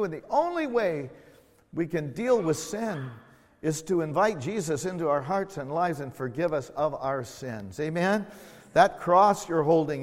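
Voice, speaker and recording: Preaching man in a reverberant church. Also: high-pitched. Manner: dynamic preaching, swinging from loud exclamations to soft, intimate tones. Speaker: pastor. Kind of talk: sermon. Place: church sanctuary. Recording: long reverb of a church hall.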